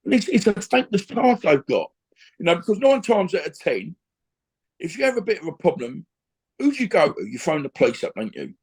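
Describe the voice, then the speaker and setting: Husky man telling stories. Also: high-pitched, very animated, brisk, darkish tone. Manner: rambling, repeats "you know what I mean". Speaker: interview guest, former boxer and gym owner. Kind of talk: conversational storytelling.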